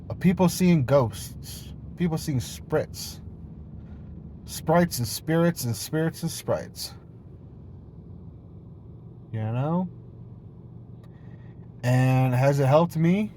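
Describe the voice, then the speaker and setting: A man talks in a loose, meandering vlog, hopping from one idea to the next with a silly, playful streak and plenty of casual swearing. His voice sits at an ordinary middle pitch, with a faint hiss of noise underneath. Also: dark tone. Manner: meandering, jumps between topics, swears freely. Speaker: vlogger. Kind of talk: rambling casual monologue.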